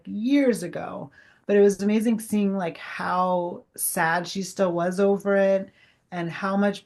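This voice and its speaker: A middle-aged woman, a guest medium, telling an animated personal story in casual chat and acting out the dialogue. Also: lowish voice. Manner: animated, heavy use of "like", acts out quoted dialogue.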